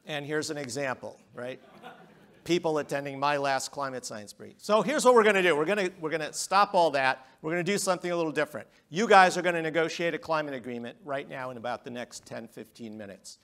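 A middle-aged man giving a public lecture, emphatic, with rhetorical questions and swings between loud and quiet. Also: fairly high pitch, a little fast. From United States.

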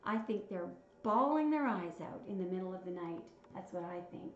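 A woman's voice: lowish voice, animated, normal speed. A woman giving a tarot reading, counting out cards and musing aloud as she reads their messages with feeling. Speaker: tarot reader. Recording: slightly dull, roomy sound with soft music. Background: soft background music.

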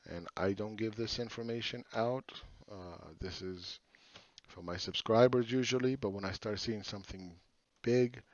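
Middle-aged guy ranting about charts, blunt and sweary, lowish voice, kinda muffled lo-fi sound. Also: moderate pace, no echo. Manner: blunt, profane, mocking. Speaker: market commentator. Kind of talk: casual chart commentary. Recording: dull lo-fi sound.

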